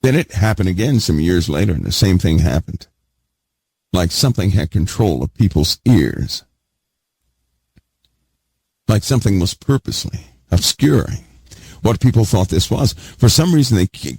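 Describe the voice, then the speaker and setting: A man's voice: lowish voice, vocal fry, darkish tone, husky, no echo. A man teaching a Bible sermon emphatically, repeating key words and putting questions to his listeners. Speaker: preacher.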